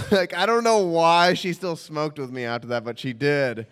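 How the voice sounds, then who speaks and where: A young man telling a comic story on stage, rambling and self-mocking with halting restarts. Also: on the high side, steady tone, fairly bright tone, clean tone, in a large hall.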